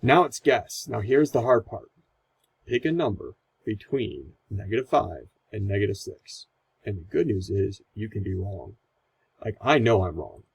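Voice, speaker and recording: A man's voice: fairly low pitch, expressive, a little slow, gravelly, husky, low-quality recording. A man teaching a recorded math lesson, explaining calculator steps in a casual, conversational way.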